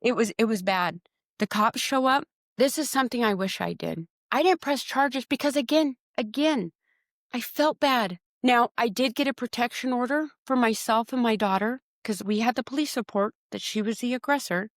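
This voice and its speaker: Her voice sitting a little high and her speed normal, a woman guesting on a podcast recounts something personal in an emotional, lively way. She performs her own quoted words, frequently restarting or repeating them, and the studio-quality audio carries no echo.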